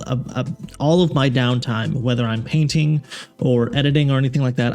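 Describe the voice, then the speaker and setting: A man's voice: mid-range voice, gravelly, darkish tone. Rambling, opinionated man hosting game talk. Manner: rambling, self-correcting, filler-heavy; frank and opinionated. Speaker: tabletop game channel host. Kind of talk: casual game analysis commentary.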